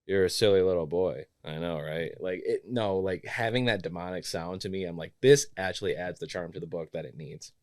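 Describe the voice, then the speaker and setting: A man's voice: deep voice, fairly quick, few pauses, no room sound, clean studio sound. A young man co-hosting a podcast, chatting casually and animatedly, swearing and mimicking voices. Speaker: podcast co-host. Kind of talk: casual chat.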